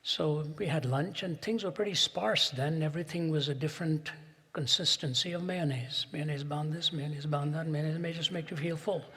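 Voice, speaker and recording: Husky-voiced man lecturing in a reverberant hall. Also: on the high side, moderate pace, sharp tone. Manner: rhetorical, builds to emphatic peaks. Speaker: speaker. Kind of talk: public lecture. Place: large auditorium. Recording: long reverb in a big hall.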